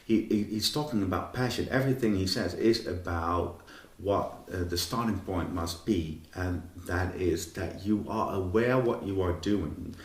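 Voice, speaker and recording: Man with a low voice talking radio, lots of restarts, echoey room, a bit far off. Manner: halting, full of restarts and fillers. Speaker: radio music director, guest. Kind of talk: casual conversation.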